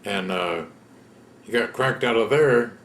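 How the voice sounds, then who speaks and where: A man's voice: on the low side, a little slow, fairly bright tone, roomy sound, slight background noise. A man, telling his own story in a plain-spoken, folksy way in an oral history interview. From Texas. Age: 70s. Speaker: veteran interviewee.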